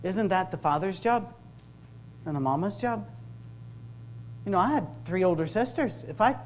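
A middle-aged man with a Scottish accent giving a humorous sermon-style talk to a live audience, conversational and full of quick asides. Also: sits high, animated, slight background noise. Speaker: campus ministry speaker. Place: workshop room with a live audience.

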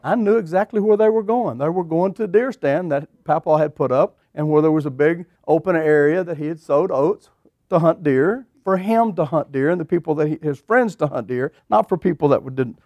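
Folksy preacher, fairly high voice. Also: male voice, dry recording. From eastern Oklahoma. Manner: animated, drawls folksy phrases, rhetorical questions to the congregation. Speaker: pastor. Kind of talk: sermon storytelling.

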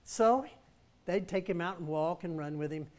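A man's voice: a little high, normal speed. A man preaching in a church, telling a story and calling the congregation to respond with emphatic lines. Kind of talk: storytelling sermon.

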